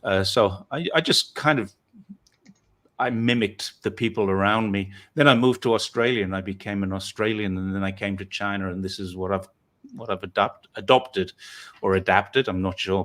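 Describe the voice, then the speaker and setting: A man's voice: deep voice, steady tone, moderate pace, a bit bright. A man from northeast England hosting a casual chat, rambling and self-deprecating as he tells his story. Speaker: host.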